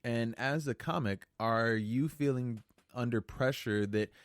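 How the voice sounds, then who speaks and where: Man, podcast host, halting speech, lots of fillers, mid pitch, dry sound. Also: clear, resonant tone, no room sound. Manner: hesitant, halting, full of fillers and questions. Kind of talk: casual podcast chat.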